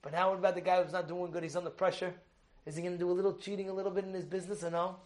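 A man giving an animated sermon as a rabbi, acting out shouts and quotes with many restarts. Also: high-pitched, racing. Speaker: rabbi giving a weekly Torah talk.

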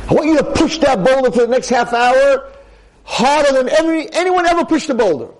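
A man voicing God, who calls down to a farmer with loud, commanding calls. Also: very high-pitched, lively intonation, fairly quick, a little hiss or hum, pitched above the performer's own voice, low-quality recording. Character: booming voice of God calling a farmer.

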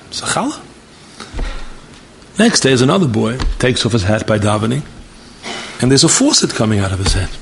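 Man, gravelly rabbi type, animated sermon storyteller over faint noise. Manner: animated storyteller, acts out dialogue, rises to high emphatic exclamations.

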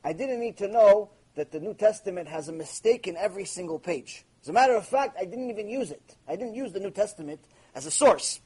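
Male rabbi for a lecture. Fairly high voice, slightly husky, emphatic storyteller who fires off rhetorical questions. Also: a little fast. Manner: emphatic, animated anecdote telling with rhetorical questions.

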